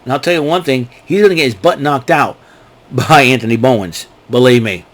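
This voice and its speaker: A man's voice: medium pitch, brisk. A man giving a casual, rambling wrestling recap and often laughing at his own jokes. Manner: animated, rambling, laughs a lot. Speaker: wrestling show reviewer.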